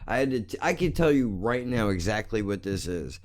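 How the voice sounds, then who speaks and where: A man ranting angrily and profanely into his podcast mic at home, repeating himself and swinging between shouting and muttering. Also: fairly low pitch, expressive, a little fast. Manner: loud, repetitive, swearing, swings from shouting to muttering. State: agitated. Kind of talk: angry profane rant. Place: home, living room.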